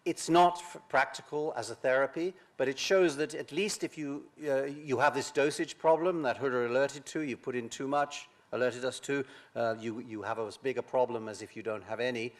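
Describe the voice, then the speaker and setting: An older man giving a science lecture, halting, with many pauses and restarts. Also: medium pitch, steady tone. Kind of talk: academic lecture.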